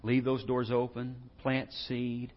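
A man preaching a sermon as pastor, conversational with humorous asides, swinging from quiet stretches to loud bursts. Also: medium pitch, monotone, slow pace, lo-fi sound.

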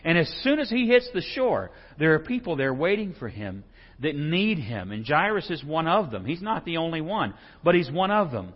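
A man's voice: a little high, normal speed, husky. A man preaching a casual, conversational sermon, reading scripture and acting out the quoted lines. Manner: animated, conversational, acts out quotes. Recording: lo-fi muffled recording.

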